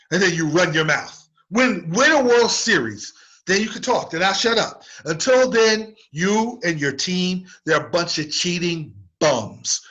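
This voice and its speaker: A man's voice: fairly high pitch, sharp tone. A man hosting a sports radio show, delivering an opinionated, emphatic monologue that repeats words to stress a point.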